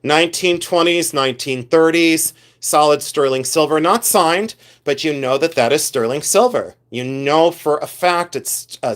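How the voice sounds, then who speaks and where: A middle-aged man hosting a live reseller stream, chatting animatedly and reading viewer comments aloud as he shows his finds. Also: fairly high pitch. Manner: mimics shouting collectors for laughs. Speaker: reseller host. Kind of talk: live-stream show-and-tell chat.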